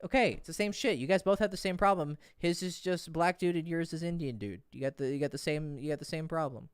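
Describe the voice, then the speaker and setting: A man's voice: a little high, fast talker, clear, resonant tone, no echo, clean studio sound. A man coaching dating on a livestream Q&A, blunt and profane, swinging his voice up and down to show how rhythm works.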